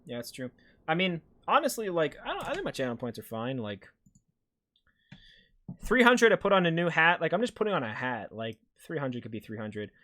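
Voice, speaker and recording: A man's voice: a little high, big pitch swings, brisk, sharp tone. Chatty Canadian man streaming a game. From Alberta, Canada. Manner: rambling, reads chat aloud and answers it. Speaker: live-streamer. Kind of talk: casual gaming stream chat.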